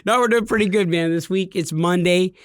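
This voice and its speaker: A man with a fairly high voice co-hosting a gaming podcast, full of jokes and playful teasing. He talks in an easy, casual way. The studio sound is dry and close. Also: a little fast, fairly bright tone, clear, resonant tone, no room sound. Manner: teasing, joking storyteller. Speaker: podcast co-host. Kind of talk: casual chat.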